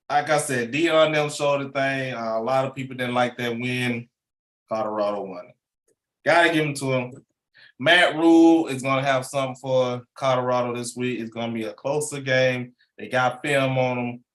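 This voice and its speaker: A middle-aged man giving casual, rambling sports commentary as a channel host, animated and full of slang. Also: mid-range voice, echoey room, low-quality recording.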